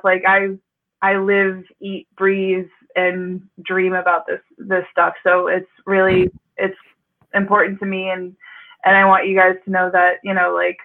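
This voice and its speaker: A woman guest in a casual podcast chat, talking loosely with fillers and laughing along. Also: mid-range voice. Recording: tinny phone-like line.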